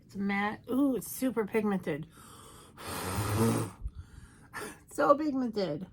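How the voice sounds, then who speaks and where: Slow-talking, playful woman makeup vlogger. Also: mid-range voice, animated, noisy background. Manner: chatty, playful and self-mocking. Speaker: makeup YouTuber. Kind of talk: casual makeup tutorial chat.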